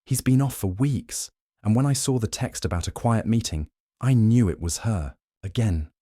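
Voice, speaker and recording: A woman's voice: very deep voice, moderate pace, mellow, no room sound, clean studio sound, voice pushed up. A man reading a story, voicing a furious betrayed wife who confronts her husband coldly. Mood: livid.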